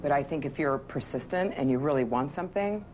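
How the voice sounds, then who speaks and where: A woman's voice: low-pitched, animated, a little fast, a little mellow, a little hiss or hum. A woman reality TV star chatting in a casual interview, confident, flirtatious and bubbly.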